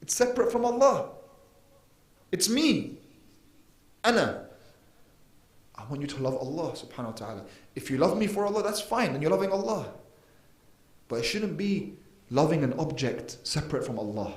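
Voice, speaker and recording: A man's voice: fairly high pitch, very animated, normal speed, pauses often. A man giving an earnest mosque lecture, emphatic, with sudden rises and drops in volume. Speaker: preacher. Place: mosque hall. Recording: echoey mosque hall.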